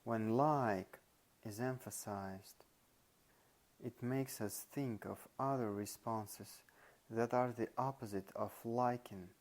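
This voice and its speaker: A man reading a nonfiction audiobook aloud, slow and deliberate, leaning on the example words he stresses. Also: on the low side, darkish tone. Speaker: audiobook reader.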